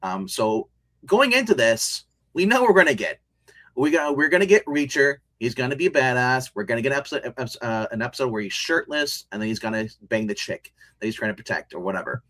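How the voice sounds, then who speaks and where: Casting note: man, casual show reviewer, rambling and animated, keeps restarting his sentences. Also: mid-range voice, brisk. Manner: rambling and animated, many restarts and laughs, retells scenes. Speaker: podcast co-host reviewing a TV show.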